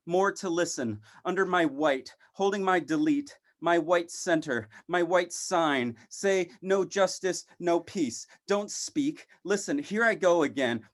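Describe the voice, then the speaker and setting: Male poet, slightly high voice, reading his own work in short clipped lines with refrain-like repetition. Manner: halting, clipped phrases with long pauses; repeats words like a refrain. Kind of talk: poetry reading.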